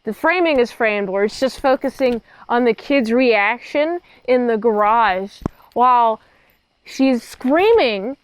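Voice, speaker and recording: A woman's voice: high-pitched, low-quality recording. A woman recapping a horror film in a casual, chatty way, with joking, rambling asides. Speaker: movie reviewer.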